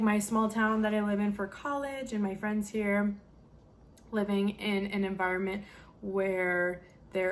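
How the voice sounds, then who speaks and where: A woman's voice: medium pitch, slight background noise. A young woman vlogger chatting casually and emotionally to camera, with plenty of fillers. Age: young adult. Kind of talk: casual chat.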